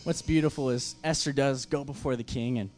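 A man's voice: medium pitch, fairly even intonation, a little fast, a little mellow, soft background music. A man preaching a sermon as pastor, impassioned, with emphatic repeated phrases.

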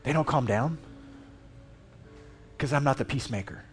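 A man preaching a sermon in a conversational, emphatic way, reading Scripture aloud with animated inflection. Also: medium pitch, moderate pace, faint music behind. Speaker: lay preacher. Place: church.

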